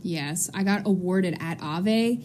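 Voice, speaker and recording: A woman's voice: on the low side, takes it slowly, darkish tone, a little hiss or hum. A woman guest on a podcast, chatting casually, giggly and full of fillers. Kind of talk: casual chat.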